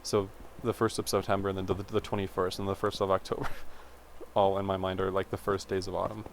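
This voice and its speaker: A man's voice: low voice, completely flat delivery, a little fast, background noise. A man in his twenties, a vlogger, telling a rambling personal story in a chatty way, full of fillers and tangents. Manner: chatty, self-interrupting, full of "like".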